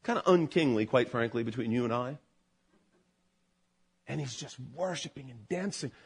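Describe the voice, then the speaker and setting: A man preaching a sermon as pastor, animated, building to loud emphatic peaks and then dropping low. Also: moderate pace, breathy edge.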